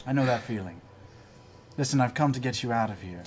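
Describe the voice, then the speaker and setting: A man's voice: medium pitch, expressive, fairly quick, a little hiss or hum, lightly acted. A man playing an anxious middle-aged gnome father in a tabletop role-play, earnest and stammering. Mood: gentle.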